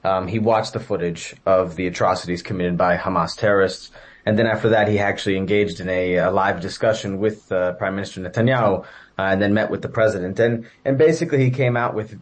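A man with a fairly low voice answers interview questions as an educator. He lays out his points in order and pauses often with uh and um. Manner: measured, many fillers. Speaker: guest commentator, educator.

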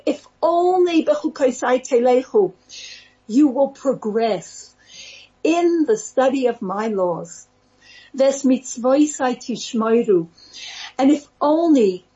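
A woman teaching a Torah talk in a slow, earnest, pleading cadence. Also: high voice, dark tone, slightly rough. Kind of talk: spiritual talk. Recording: muffled lo-fi recording.

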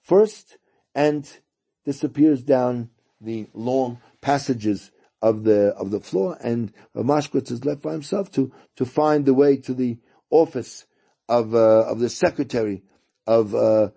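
A man telling a story during a lesson, halting and repeating words as he goes. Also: medium pitch, gravelly, mellow, slightly rough. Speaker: teacher.

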